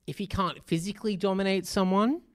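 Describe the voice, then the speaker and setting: A man's voice: high voice, steady tone, a little fast, dry recording, studio quality. Chatty man discussing a film. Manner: chatty, laughs easily, acts out quotes. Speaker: podcast co-host.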